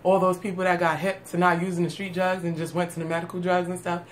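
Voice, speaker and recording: A woman's voice: lowish voice, little pitch movement, fast talker. A woman delivering a sarcastic, streetwise comedic rant, laughing at her own jokes. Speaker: comedic monologue host.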